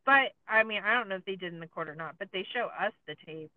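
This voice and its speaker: A woman's voice: medium pitch, lively intonation, fast, dry recording. A woman co-hosting a podcast, recapping a documentary in casual chat, with many filler likes and sarcastic asides. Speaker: podcast co-host. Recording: tinny phone-like sound, dry.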